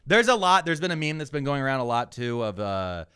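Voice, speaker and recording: A man's voice: medium pitch, sing-song, fairly quick, sharp tone, clean tone. A man co-hosting a podcast, ranting with profanity in casual news commentary. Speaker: podcast co-host.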